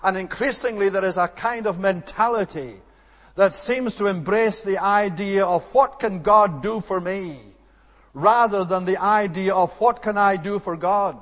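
Male preacher, high-pitched, earnest and emphatic delivery, long hall reverb. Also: measured pace, a bit bright. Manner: earnest, emphatic, rising to rhetorical outbursts. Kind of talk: expository sermon.

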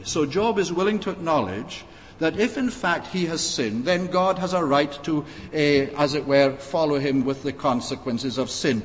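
A man preaching an expository sermon, measured and pausing often with "uh", reading scripture in old-fashioned wording. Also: fairly high pitch, animated. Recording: long reverb, faint background noise.

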